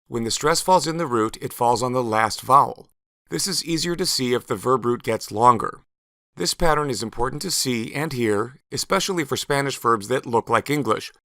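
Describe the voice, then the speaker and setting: A man narrates a language lesson in a bright, clear voice. He speaks slowly and carefully and leans hard on stressed syllables as he models words. The close recording is dry, with no room around it. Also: mid-range voice, no echo. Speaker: Spanish teacher.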